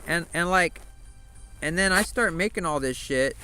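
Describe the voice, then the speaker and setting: A man's voice: on the high side, expressive, moderate pace, pushed and bright, smooth. A man streaming a game and chatting casually, telling rambling stories full of profanity. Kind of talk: casual chat while gaming.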